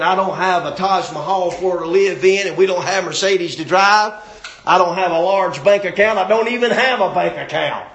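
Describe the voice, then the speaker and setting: A man preaching a comic sermon, telling jokey stories and often shouting. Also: sits high, recorded from a distance, slight background noise. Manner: joking storyteller, often shouting. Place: church sanctuary. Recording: echoey church hall from afar.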